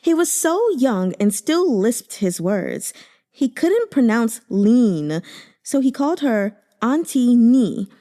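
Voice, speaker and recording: Expressive woman reading a novel. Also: fairly high pitch, slow. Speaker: audiobook reader.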